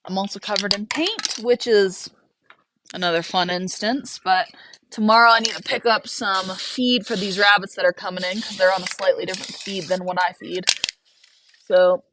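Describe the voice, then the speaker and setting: A woman's voice: mid-range voice, steady tone, moderate pace, background noise. A young woman chatting casually and rambling while working outside a barn, laughing often. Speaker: homesteader and livestream host. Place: outdoors by a barn.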